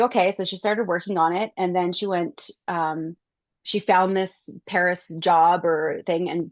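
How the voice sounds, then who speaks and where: Lively woman coach on a dull call. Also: on the low side, dry recording. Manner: lively storytelling, acts out own reactions. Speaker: wellness coach. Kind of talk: coaching class talk.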